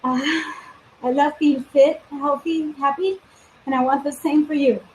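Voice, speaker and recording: A woman's voice: sits high, fairly even intonation, unhurried, a little hiss or hum, low-quality recording. A woman from Venezuela talking openly and emotionally on a live stream, tearful at times. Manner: emotional, open and heartfelt, with warm laughter. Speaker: fitness vlogger. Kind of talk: live-streamed personal talk.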